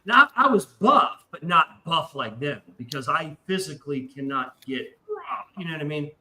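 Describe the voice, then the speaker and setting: Casting: middle-aged male host, profane rambling storyteller, bright voice, lively pitch. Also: normal speed, a little hiss or hum, rough recording. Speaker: podcast host. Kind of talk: casual chat.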